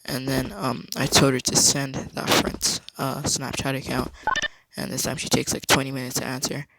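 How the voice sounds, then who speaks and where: A man vlogging a casual story time, rambling in a low-key way. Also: little pitch movement, moderate pace, vocal fry, very noisy.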